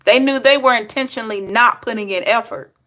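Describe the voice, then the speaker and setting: A woman's voice: fairly high pitch, a little fast. Chatty woman reading tarot. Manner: chatty, animated, laughs and asides to chat. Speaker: tarot reader. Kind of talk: casual tarot reading to viewers.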